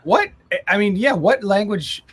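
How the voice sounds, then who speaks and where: A man's voice: sits high, lively intonation, measured pace, husky. Goofy rambling podcast guy. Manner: goofy, rambling, jokey voices. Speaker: podcast co-host. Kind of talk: casual chat.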